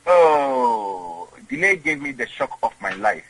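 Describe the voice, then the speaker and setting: A man's voice: medium pitch, big pitch swings, slow pace, fairly bright tone, husky, poor audio. A man with a Ghanaian accent, a guest in an interview, who rambles and repeats words. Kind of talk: conversational interview.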